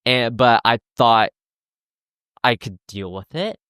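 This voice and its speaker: A young adult man hosting a solo podcast, talking earnestly in a halting way with many restarts and fillers. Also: medium pitch, pushed and bright, clean tone, no echo, studio quality. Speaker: podcast host. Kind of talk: solo confessional podcast talk.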